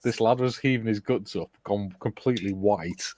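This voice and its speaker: A man's voice: lowish voice, unhurried, darkish tone, slight background noise. A man, hosting a casual model-building chat and telling a rambling anecdote, laughing often as he goes. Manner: laughs often while storytelling, rambling with restarts.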